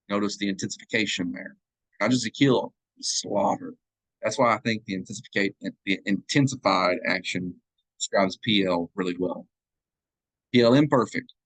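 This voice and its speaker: A man with a lowish voice leads a live classroom grammar lesson, chanting verb forms one after another and checking in with a quick "right?" The sound is dry and close, with little room around it. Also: no echo, rough recording. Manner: drills paradigms aloud, checking in with "right?". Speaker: Hebrew teacher. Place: church classroom. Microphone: live class recording.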